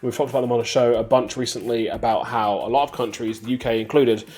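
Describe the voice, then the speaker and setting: A man hosting a weekly games news show, reading stories briskly and bantering with a co-host. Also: medium pitch, steady tone, darkish tone. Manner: brisk, reads headlines then banters.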